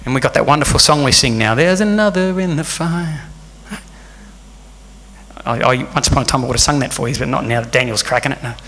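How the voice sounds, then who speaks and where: A man preaching a sermon in a church hall, passionate and building to loud, fervent delivery. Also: medium pitch, fairly quick. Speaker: pastor. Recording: long hall reverb.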